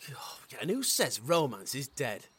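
A man's voice: mid-range voice, huge pitch swings, unhurried, a bit bright, breathy edge, soft background music. Dry, sarcastic man. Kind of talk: comedy sketch acting.

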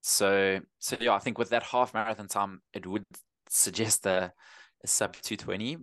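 A man's voice: lowish voice, fairly even intonation, normal speed, a bit bright, no echo. A man in his thirties with a South African accent, a running coach chatting easygoing as an interview guest, often restarting his sentences. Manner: easygoing, rambling with frequent restarts. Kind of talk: casual interview chat.

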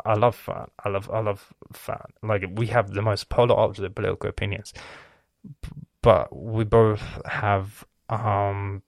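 A young man talking in a casual, rambling monologue, cursing often and filling pauses with ums and restarts. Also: lowish voice, vocal fry, no room sound, studio quality. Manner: profane, rambling, with many fillers and restarts. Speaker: vlogger.

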